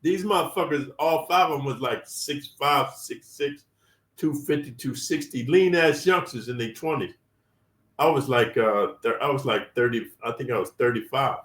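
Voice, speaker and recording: A man's voice: mid-range voice, normal speed, fairly bright tone, far from the mic. A man from California, a former inmate telling prison stories in a blunt, streetwise way, heavy with slang and swearing. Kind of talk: profane storytelling. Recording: roomy, set back from the mic.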